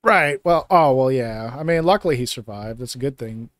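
A man of ordinary pitch co-hosting a casual podcast, rambling and joking through stories. His voice sits close on a dry mic with no room sound at all. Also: animated, normal speed, fairly bright tone, no room sound. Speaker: podcast co-host. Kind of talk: casual chat.

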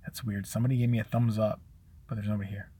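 A man live-streaming a casual rant, profane and sarcastic, who often mimics other people in a high, mocking voice. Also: little pitch movement, rapid-fire, mellow, breathy edge. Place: out and about, at a store.

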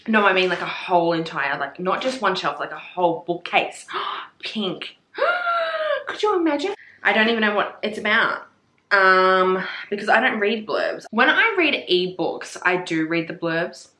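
A woman's voice: fairly low pitch, moderate pace, reverberant. A young woman, bubbly and sweary, chatting casually through a book haul vlog. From Australia. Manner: bubbly, sweary, excitable with gasps and squeals. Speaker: book vlogger.

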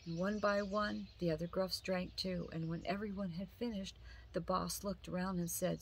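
A woman reading a children's picture book aloud, gentle and unhurried. Her voice carries a gravelly edge, and a faint hum of noise sits behind her. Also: fairly low pitch, steady tone. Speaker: storybook reader.

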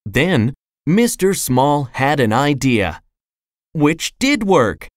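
A storyteller reading a children's storybook aloud in a slow, expressive way. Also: medium pitch. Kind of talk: scripted storybook narration.

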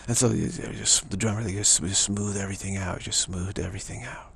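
Speaking fairly quickly to an audience, a man with a gravelly, fairly low voice keeps his intonation fairly even. His monologue is loose and repetitive, full of drum-like scatting and asides, with a little hiss or hum on the recording.

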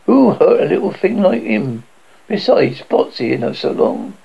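A motherly, rough-spoken woman off a canal barge, as a man reading the story puts her on. Her voice sits higher than plain talk and rasps with gravel, rambling in ungrammatical dialect. The recording sounds dull and lo-fi. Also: sing-song, a little slow, full character voice. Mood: easygoing.

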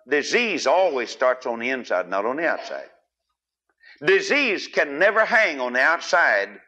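A man preaching a sermon, emphatic and questioning his listeners, with big swings in loudness. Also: medium pitch. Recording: dull lo-fi archive recording.

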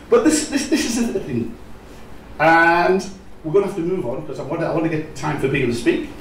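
A middle-aged man with a North East English accent from Sunderland gives a talk to a live audience, wry and animated as he tells stories. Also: a little high, normal speed. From North East England. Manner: animated storyteller with wry humour. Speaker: business leader giving a talk. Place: large echoey room at a live event. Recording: echoey room, voice from far off, faint noise.

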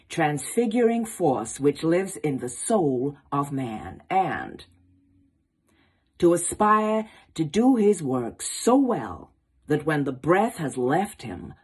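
A woman's voice: low voice, sing-song, slow, darkish tone, breathy edge, full character voice. A woman putting on an American accent to voice an impassioned male writer in a rhythmic, rousing recitation.

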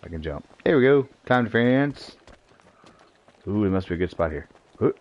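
A man's voice: lowish voice, animated, normal speed, highs cut off. A man streaming an online shooter game, joking, swearing and talking to himself and his teammates as he plays. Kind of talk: live gameplay commentary.

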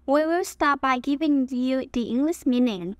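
A woman from Huế with a Vietnamese accent, teaching dialect phrases in a scripted language lesson with slow, careful modeling. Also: sits high, dry recording, studio quality.

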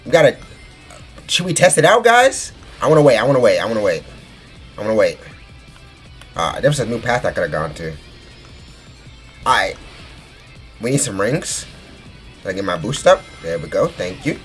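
A man in his twenties giving excitable let's play commentary, shrieking in delight and saying bro constantly. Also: lowish voice, normal speed, pauses often, faint music behind. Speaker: gaming YouTuber.

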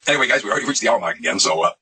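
A man's voice: lowish voice, lively intonation, racing, pushed and bright, husky, rough recording. A man hosting a casual monologue video, talking in a sarcastic, mocking way. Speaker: video host.

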